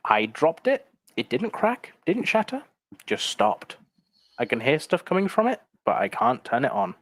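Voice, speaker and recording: A man's voice: on the high side, wildly swooping pitch, normal speed, a bit bright, no room sound, clean studio sound. A man co-hosting a fan livestream in casual, chatty talk, often self-deprecating.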